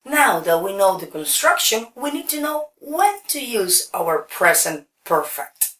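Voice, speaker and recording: A woman with a medium-pitched, sing-song voice and a fairly bright tone is teaching an English grammar lesson. She goes slowly, explaining each step and checking in often with "okay." The recording sounds roomy and echoey, as if she's far from the mic.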